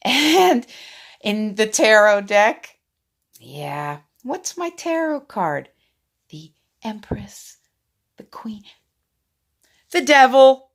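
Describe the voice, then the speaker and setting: A woman in her forties talking to her phone camera in a rambling, excitable way, swinging from loud outbursts to hushed asides. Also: mid-range voice, slow pace. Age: 40s. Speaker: vlogger. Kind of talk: casual talking-head monologue.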